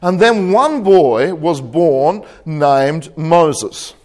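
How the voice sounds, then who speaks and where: Male preacher, jokey storyteller, slow pace, somewhat high voice. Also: lively intonation, darkish tone. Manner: jokey storyteller, chuckles at own jokes. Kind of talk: sermon with a joke.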